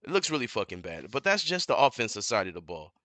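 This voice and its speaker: A man in a fired-up, profane fan rant on his live stream, repeating himself and getting louder as he goes. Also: medium pitch, very animated, fast talker, no echo. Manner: heated, profane, repeats himself, builds to shouting. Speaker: sports commentator streamer. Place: home living room.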